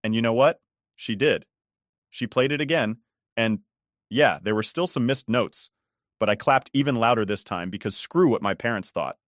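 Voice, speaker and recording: A man's voice: mid-range voice, moderate pace, no room sound, studio quality. A man narrating a first-person story in a casual, conversational way, swearing often.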